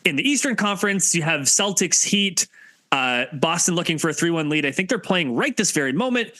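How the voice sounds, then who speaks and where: A man co-hosting a sports podcast in casual chat, lively and jokey as he rattles off scores. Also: a little high, a little fast, no room sound. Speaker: podcast co-host.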